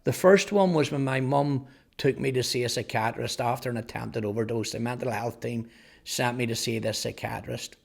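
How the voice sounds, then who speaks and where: A man in his fifties with a Northern Irish accent, earnestly telling his life testimony, halting at times over repeated words. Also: mid-range voice, fairly even intonation, creaky. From Northern Ireland. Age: 50s. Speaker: testimony speaker. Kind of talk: personal testimony storytelling.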